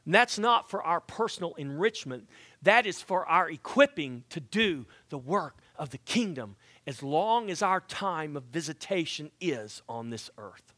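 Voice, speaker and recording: A man preaching a sermon as pastor, swinging from hushed passages to loud exhortations, with folksy joking asides. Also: fairly high pitch, lively intonation, unhurried, no room sound.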